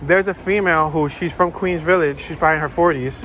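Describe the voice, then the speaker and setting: A man talks loosely and jokingly to his camera while strolling outdoors, drifting from one topic to the next. His voice sits a little high for a man. Faint city sounds hum behind him. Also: steady tone, quick pace, fairly bright tone. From North Philadelphia. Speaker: walking tour vlogger. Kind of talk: casual chat while walking.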